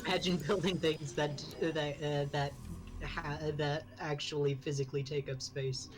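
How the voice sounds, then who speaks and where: A man's voice: on the high side, level tone, normal speed. A man making sarcastic jokes in casual gaming banter over voice chat. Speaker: gamer on stream.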